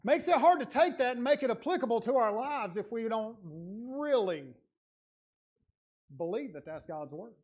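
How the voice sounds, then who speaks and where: A man's voice: very high voice, animated, moderate pace, a little mellow. A man delivering a sermon in a church, earnest and conversational, building to emphatic passages. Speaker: lay preacher. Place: church sanctuary.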